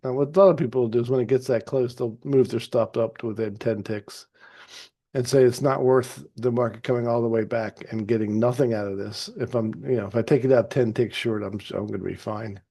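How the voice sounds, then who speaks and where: A man calmly narrating a trade replay as a trading teacher, easygoing and explanatory with some fillers and restarts. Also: medium pitch, brisk. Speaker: trading educator. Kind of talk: narrated chart walkthrough.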